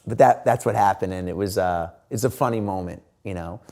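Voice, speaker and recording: Man, middle-aged, lowish voice, chatty storyteller, lots of "you know" and "like", quotes people in dialogue. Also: brisk, darkish tone. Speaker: interview guest. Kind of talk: casual storytelling.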